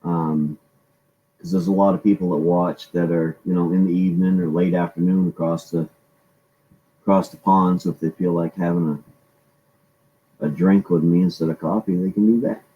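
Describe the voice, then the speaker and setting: A man's voice: low voice, steady tone, normal speed, pauses often, dull audio. A man hosting a casual live-stream chat, rambling along and greeting his viewers by name.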